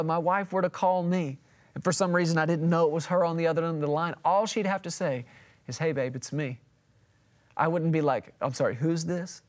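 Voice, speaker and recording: Emphatic, conversational male preacher. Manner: emphatic, conversational preaching with big swings in pitch and loudness. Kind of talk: televised sermon.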